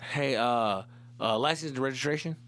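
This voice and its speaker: A man voicing a stern adult police officer who questions in a flat, businesslike way. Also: mid-range voice, normal speed, lightly acted.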